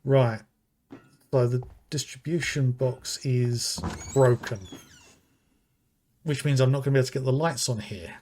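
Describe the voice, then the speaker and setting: Slow British man muttering over a game. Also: medium pitch, steady tone, a little mellow, a little hiss or hum. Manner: slow, thinking aloud, muttering item names. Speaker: gaming streamer. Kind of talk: live game commentary.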